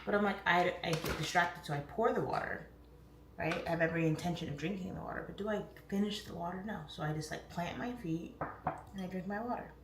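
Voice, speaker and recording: A woman's voice: on the low side, a little fast. A woman in her thirties hosting a casual morning livestream, rambling chattily with lots of "like" and "um" and greeting viewers in the chat. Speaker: livestream host. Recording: roomy, distant mic, faint room noise.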